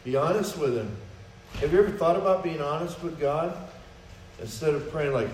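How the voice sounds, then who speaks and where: A man's voice: on the high side, expressive, normal speed, a little mellow. A man preaching a sermon in a conversational way, acting out quoted prayers and dialogue, recorded from a distance in a church. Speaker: pastor. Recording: roomy echo, mic from a distance, faint noise.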